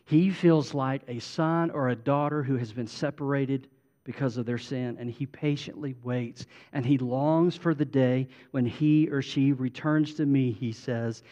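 A man preaching a sermon as a pastor, moving from emphatic declarations to a quiet, intimate prayer voice. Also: medium pitch, a little slow, highs cut off.

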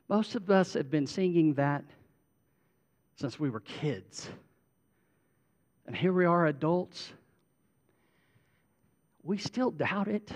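A man preaching a sermon as a pastor, moving from emphatic declarations to a quiet, intimate prayer voice. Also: fairly high pitch, lively intonation, slow, pauses often.

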